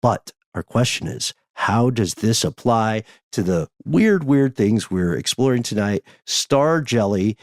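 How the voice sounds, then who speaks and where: Male podcast host, deepish voice, measured and wordy, dry studio sound. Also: animated, dry recording. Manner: measured, wordy, explanatory with filler uhs. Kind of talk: casual podcast chat.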